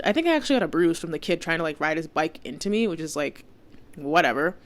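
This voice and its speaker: A woman's voice: sits low, lively intonation, fast talker. A young woman hosting a podcast, telling a story in casual chat, exasperated and swearing, with lots of filler words. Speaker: podcast host.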